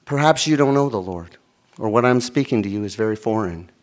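Here a middle-aged man, a pastor, preaches with a fairly low pitch and a fairly quick delivery. He brings his stories to life by voicing the people in them.

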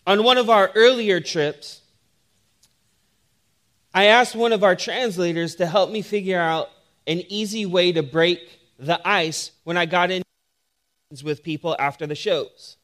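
A man's voice: high-pitched, a little slow. A man, a pastor, preaching a sermon that opens with a humorous personal story and moves into teaching. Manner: humorous storytelling, animated when telling the joke.

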